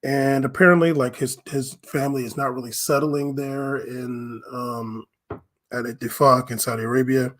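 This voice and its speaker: Guy hosting a podcast, rambly and slangy, laughs a lot, mid pitch. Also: steady tone, moderate pace, a bit bright. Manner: rambling, slangy, laughs often, lots of fillers. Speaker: podcast host. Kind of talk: casual solo commentary.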